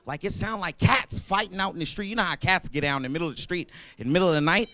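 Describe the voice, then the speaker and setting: High-voiced animated stand-up comedian man. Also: quick pace, hardly any pauses, no echo. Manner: animated, loud and playful, apologetic asides to the crowd. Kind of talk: open mic stand-up set. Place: comedy club stage.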